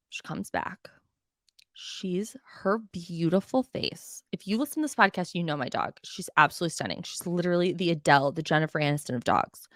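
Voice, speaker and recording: A young woman hosting a podcast, telling a story in a casual, animated and profane way, full of exasperation. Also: on the low side, quick pace, few pauses, no room sound, clean studio sound. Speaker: podcast host.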